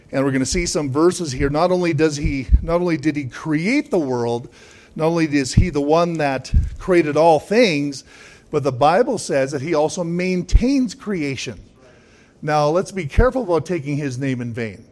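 A man's voice: fairly high pitch, a little mellow. A man preaching a sermon, emphatic, with frequent calls of "Amen?" and chuckling asides. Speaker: pastor.

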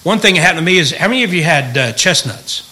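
A man's voice: on the high side, expressive, fast talker, pushed and bright, low-quality recording. A middle-aged man, a pastor, teaching the Bible in a folksy, joking way and asking the room questions.

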